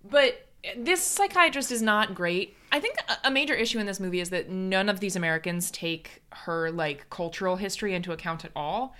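A woman's voice: medium pitch, fairly quick, hardly any pauses, bright, forceful tone. A woman co-hosting a podcast, recapping a film in a chatty, wry way with lots of "like"s. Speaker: podcast co-host. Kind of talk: casual chat recapping a film.

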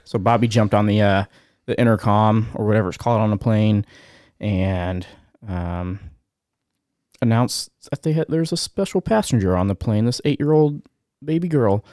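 Low-voiced man reading a news story. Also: a little mellow, dry recording, clean studio sound. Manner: halting, many fillers, gets choked up reading. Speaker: podcast co-host.

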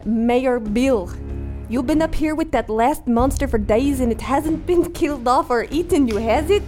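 A woman's voice: sits high, normal speed, mellow, faint music behind, natural voice. A woman putting on a stern frontier wife with a Russian-flavored accent. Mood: reasoning. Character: fierce grieving frontier wife. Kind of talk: tabletop role-play.

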